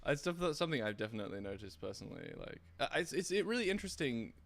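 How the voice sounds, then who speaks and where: A man, a guest in a casual live-stream interview, talking in halting bursts with restarts and casual swearing. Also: medium pitch, sing-song. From United Kingdom. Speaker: guest, former streaming platform engineer.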